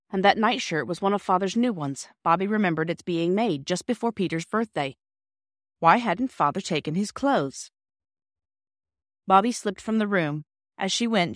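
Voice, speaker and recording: A woman reading a children's classic aloud as a podcast narrator, with gentle, measured storytelling. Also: medium pitch, no room sound, clean studio sound. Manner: gentle storybook reading, voices dialogue lightly. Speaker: audiobook reader. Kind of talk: scripted narration.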